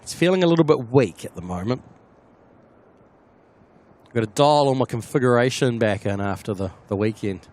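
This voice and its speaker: A man's voice: medium pitch, expressive, moderate pace, pauses often, a little mellow. A man with a New Zealand accent hosting a casual plane-spotting live stream, chatting and answering viewers by name.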